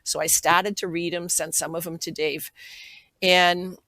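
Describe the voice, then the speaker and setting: Older woman guest, gravelly voice, dry close sound, earnest storyteller who plays out old conversations. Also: on the low side, level tone, measured pace, pushed and bright, no room sound, rough recording. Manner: earnest, reflective, acts out remembered dialogue. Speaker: podcast guest. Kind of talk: personal storytelling in an interview.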